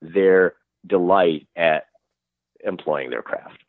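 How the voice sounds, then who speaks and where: A man talking as a guest in a conversational interview, animated and chatty with wry asides. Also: sits low, takes it slowly, no echo, narrow, tinny audio. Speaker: guest, crime fiction publisher and writer.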